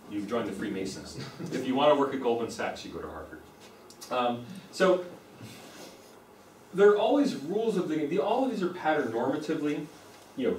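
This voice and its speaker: A man's voice: medium pitch, recorded from a distance, a little hiss or hum. American man lecturing in a roomy hall. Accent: General American. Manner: explanatory, repeats points for emphasis. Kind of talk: university lecture. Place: lecture room. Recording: roomy echo, speaker away from the mic.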